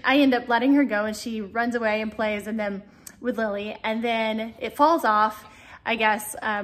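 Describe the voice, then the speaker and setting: A woman vlogger chatting to camera in a bubbly, gushing way. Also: on the high side. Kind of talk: casual chat to camera.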